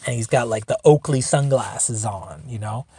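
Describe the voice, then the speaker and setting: A man's voice: mid-range voice, normal speed, warm tone, husky, no echo. A man hosting a solo podcast, telling a story in a rambling, laid-back way, swearing freely. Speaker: podcast host. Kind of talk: casual storytelling.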